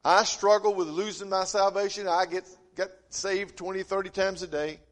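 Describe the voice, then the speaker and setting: Man preaching, high voice, folksy storyteller, long hall reverb. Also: fairly even intonation, normal speed. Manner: folksy storytelling, swinging from loud emphasis to quiet asides. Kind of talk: sermon.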